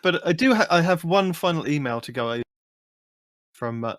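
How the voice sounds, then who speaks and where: A man's voice: on the high side, expressive, a little fast, a bit bright, no echo. Easygoing man on a gaming podcast. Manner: easygoing, rambling with restarts. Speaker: podcast co-host. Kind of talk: casual gaming podcast chat.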